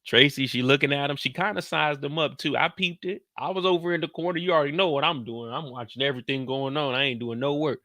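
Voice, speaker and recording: A man with a medium-pitched voice, studio quality and no room sound, recaps a TV show casually. He narrates in heavy slang, animatedly voicing the characters, and his pace is slower than on his live streams.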